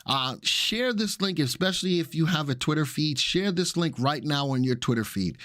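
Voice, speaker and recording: A man's voice: a little high, expressive, normal speed, a bit bright, no echo. Guy hosting a live stream, chatty, lots of uhs, dry sound. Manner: chatty, upbeat, many fillers. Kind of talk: casual live stream talk.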